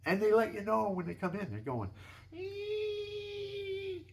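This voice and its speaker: A man's voice: high-pitched, big pitch swings, quick pace, vocal fry. An older man telling casual, rambling stories about his home and pets, with lots of restarts and folksy asides. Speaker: home video maker. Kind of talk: casual storytelling.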